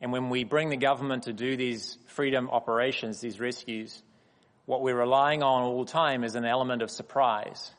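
A man giving a sermon in a measured, emphatic way, pausing deliberately between phrases. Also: mid-range voice, fairly even intonation. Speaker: guest speaker at a church. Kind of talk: sermon with personal stories. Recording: long reverb of a hall.

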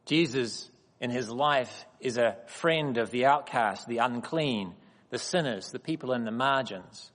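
A man preaches with measured emphasis, letting each phrase land before the next. His voice sits at an ordinary middle pitch. The sound carries a long reverb from a large hall. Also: a bit bright. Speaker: guest speaker at a church. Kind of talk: sermon with personal stories.

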